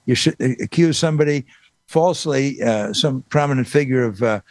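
A man's voice: mid-range voice, normal speed, darkish tone, no room sound. Emphatic man hosting talk radio. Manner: emphatic, repeats points for stress. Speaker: radio talk show host.

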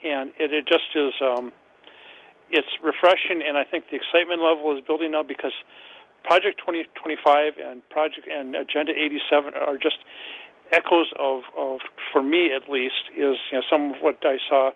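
A man calling in to a radio show, giving his opinion haltingly with many restarts. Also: a little high, fairly even intonation, gravelly. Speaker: caller. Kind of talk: call-in opinion. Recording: tinny phone line.

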